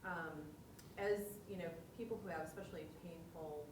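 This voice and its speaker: A woman taking part in a workshop, sharing her thoughts in a hesitant, halting way with many ums. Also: lowish voice, recorded from a distance, background noise. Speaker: workshop participant. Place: workshop room with a group. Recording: echoey room, group audible.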